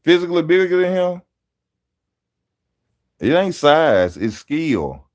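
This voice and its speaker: A man talking casually on a live stream, animated and slangy, laughing often as he answers chat about boxing. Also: a little high, slow pace. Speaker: boxing channel host reading live chat.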